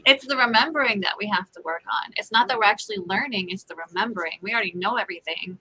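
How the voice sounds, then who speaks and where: Woman, podcast host, crisp bright voice, chatty, upbeat, laughs easily. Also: mid-range voice, fast talker, poor audio. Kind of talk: casual chat.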